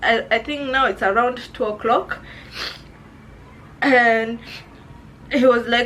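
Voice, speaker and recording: High-voiced Kenyan woman telling her story. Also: fairly even intonation, a little slow, long pauses, fairly bright tone, a little hiss or hum, poor audio. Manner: emotional, addresses viewers as guys, repeats herself. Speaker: vlogger. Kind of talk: personal storytelling vlog.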